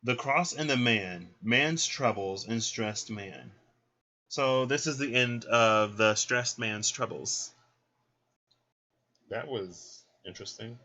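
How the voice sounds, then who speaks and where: A man's voice: medium pitch, expressive, slow, bright, forceful tone. A man giving a casual card reading, chatty and thinking aloud as he goes. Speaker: card reader. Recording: dull lo-fi recording.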